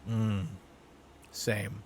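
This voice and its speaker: A man's voice: lowish voice, little pitch movement, very slow, a little mellow, a little hiss or hum. A man co-hosting a podcast, chatting casually and often repeating his words as he gets going. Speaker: podcast co-host. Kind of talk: casual chat.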